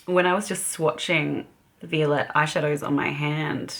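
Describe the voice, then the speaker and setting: A woman's voice: low-pitched, fairly even intonation, moderate pace, vocal fry. An Australian woman chatting casually as a beauty vlogger while doing her makeup, giggling often. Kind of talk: casual get-ready-with-me chat.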